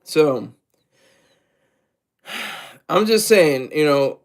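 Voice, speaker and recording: High-voiced man rambling on a livestream. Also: animated, extremely slow, creaky. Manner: rambling, repeats himself, many fillers; asks viewers for tips. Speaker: livestream host. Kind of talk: casual livestream commentary.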